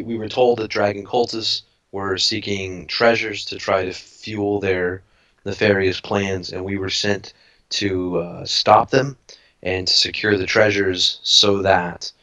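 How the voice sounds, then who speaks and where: A man's voice: on the low side, a bit bright. A man playing a tabletop game, thoughtful and cautious, often restarting his sentences. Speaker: player. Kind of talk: casual tabletop game talk.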